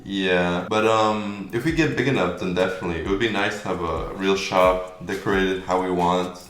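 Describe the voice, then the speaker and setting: A man's voice: low-pitched, moderate pace. A man, co-founder of a clothing brand, chatting casually and a little hesitantly in a Q&A. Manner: relaxed, hesitant with fillers. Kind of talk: casual Q&A chat. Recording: echoey room, faint noise.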